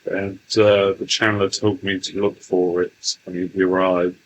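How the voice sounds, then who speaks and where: Man channeling a deep, slow alien leader. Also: little pitch movement, a little hiss or hum, low-quality recording. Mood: amiable. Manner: formal, unhurried, speaks as "we". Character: male alien leader from Sirius, genial and slow. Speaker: channeled entity. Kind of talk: trance channeling session.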